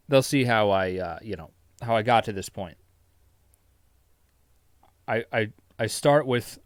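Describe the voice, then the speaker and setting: A man's voice: mid-range voice, clean tone, dry recording, studio quality. A man hosting his own solo podcast from his basement, rambling, mocking himself and swearing freely. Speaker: solo podcast host and YouTuber. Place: home basement.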